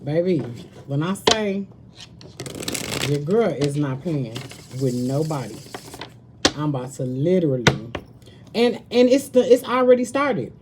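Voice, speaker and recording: A woman's voice: deep voice, very animated, a little slow, pauses often, heavy background noise. A woman tarot reader chatting casually with her viewers on a live stream, slangy and talkative, calling them baby and girl. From Southern United States.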